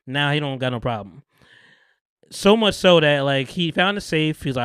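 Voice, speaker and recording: A man's voice: fairly high pitch, moderate pace, smooth, no echo. Podcast guy retelling a show episode, laughs a lot, cusses, clean dry mic sound. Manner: animated storyteller, slips into character voices, laughs often, swears freely. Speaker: podcast host. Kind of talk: casual chat, retelling a TV episode.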